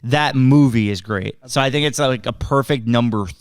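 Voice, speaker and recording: A man's voice: medium pitch, normal speed, smooth. A man co-hosting a movie review podcast in casual chat, who often repeats words as he gets going. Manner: repeats words as he starts sentences. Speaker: podcast co-host.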